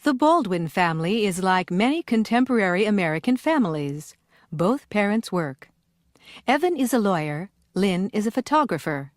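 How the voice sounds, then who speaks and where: Woman with a clear narrating voice. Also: medium pitch, very animated, moderate pace, dry recording, clean studio sound. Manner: clear, careful reading. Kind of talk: scripted textbook narration.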